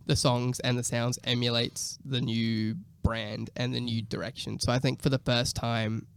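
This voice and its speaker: A man's voice: medium pitch, moderate pace, vocal fry, smooth, no room sound. A man, a musician, chatting casually and telling stories with frequent laughter and swearing. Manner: laughing, animated storyteller, swears freely. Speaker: musician guest. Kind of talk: casual podcast chat.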